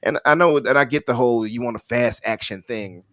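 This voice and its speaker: A man co-hosting a gaming podcast, talking in a casual, animated way with restarts. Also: medium pitch, fairly quick, no echo, studio quality. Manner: animated, laughing, trails off and restarts. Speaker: podcast co-host. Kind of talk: casual chat.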